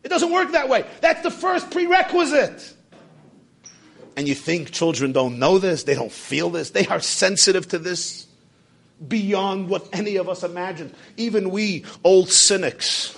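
A man preaching a sermon, telling a story, swinging between shouts and hushed asides, and sprinkling in Hebrew and Yiddish terms. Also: on the high side.

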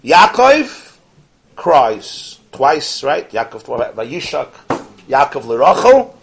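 A man teaching a Torah class, animated, posing rhetorical questions and swinging from soft asides to emphatic peaks. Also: medium pitch, takes it slowly, gravelly, noisy background. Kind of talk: Torah lecture to an audience.

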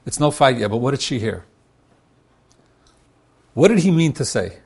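A man's voice: medium pitch, sing-song, normal speed, creaky, darkish tone, husky. A man speaking as a marriage counselor, teaching with examples and acting out both spouses' words, often repeating and restarting. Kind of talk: teaching talk with acted-out examples.

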